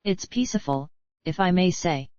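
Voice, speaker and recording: A woman reading a calm resigned doctor. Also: lowish voice, moderate pace, dry recording, close to an everyday voice. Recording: dull lo-fi dry recording.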